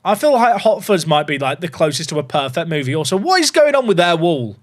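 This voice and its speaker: Animated thirty-something man streaming. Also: a little high, a little fast. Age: 30s. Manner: animated, swings between chatty and mock panic. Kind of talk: live-stream gaming chat.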